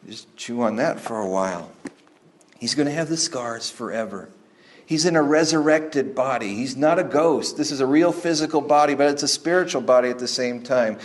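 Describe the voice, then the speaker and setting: Animated storytelling male pastor. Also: medium pitch, moderate pace. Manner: conversational, animated storytelling with restarts. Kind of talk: sermon.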